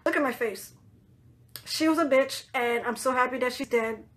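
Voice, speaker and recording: A woman with a high voice tells a personal story straight to the camera. She talks in a loose, casual way, swears freely, and puts on other people's voices when she quotes them. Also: moderate pace. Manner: animated, swearing, acts out quoted voices in higher pitch. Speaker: vlogger telling a personal story.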